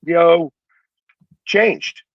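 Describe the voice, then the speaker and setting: A man's voice: a little high, extremely slow, gravelly, dry recording, muffled recording. A man with a Philadelphia accent hosting a casual sports talk show, rambling with many restarts and fillers.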